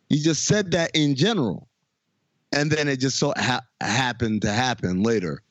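A man in casual podcast conversation, animated and playful as he retells scenes and tosses questions to his co-hosts. His voice sits in a middle register. The recording is dry and a little muffled. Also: medium pitch, moderate pace, dry recording. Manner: animated, laughing, jokey storytelling. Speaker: podcast host. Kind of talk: casual chat recapping a TV episode.

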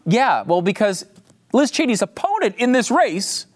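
Lively, sarcastic male podcast host. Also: sits high, moderate pace. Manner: mocking, theatrical, jumps between voices. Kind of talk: sarcastic political commentary.

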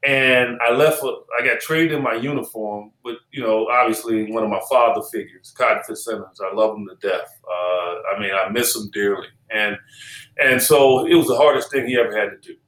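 A man in his sixties, a former basketball player and analyst, is a podcast guest telling animated stories in an interview chat. His voice is on the low side at a normal speed, and he acts out quoted dialogue and repeats phrases. The room sounds roomy and echoey.

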